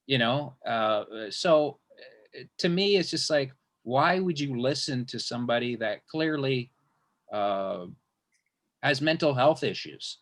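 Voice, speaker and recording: A man's voice: mid-range voice, expressive, slow pace, a bit bright. A man hosting an interview, telling a long casual story as a stand-up comedian, rambling with many restarts and swearing freely.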